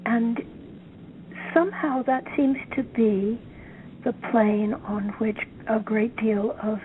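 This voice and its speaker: A woman author being interviewed, speaking in a slow, thoughtful, musing way over a phone line. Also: on the high side. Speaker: author guest. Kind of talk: reflective interview talk. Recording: tinny phone line, faint noise.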